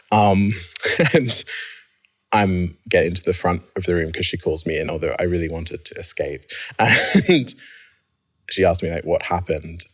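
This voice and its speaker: A man telling his personal story as an interview guest, reflective and quick to laugh. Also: husky. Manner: reflective, laughs often, rises high when excited.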